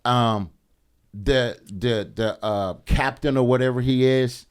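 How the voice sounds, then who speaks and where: A middle-aged man, a podcast guest, telling a story in a casual, animated and profane way, often acting out the voices of people he quotes. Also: medium pitch, slow, clean tone.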